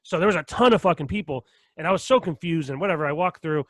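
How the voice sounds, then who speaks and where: Young male podcast co-host, higher pitch, dry close mic, lively profane storyteller. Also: fast, no echo. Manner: animated storytelling, heavy swearing and laughter. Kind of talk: casual chat.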